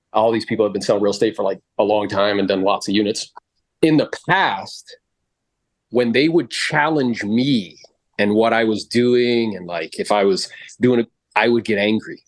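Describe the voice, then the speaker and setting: A man coaching real estate agents on a podcast, talking in a blunt, animated way with casual swearing. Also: fairly low pitch.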